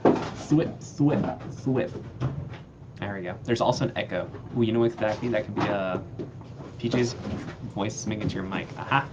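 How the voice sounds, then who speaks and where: A man's voice: lowish voice, fairly even intonation, quick pace. A man hosting a live stream off camera, bantering playfully and mocking himself. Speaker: stream host. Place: off-camera, remote. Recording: dull lo-fi audio with clear background noise.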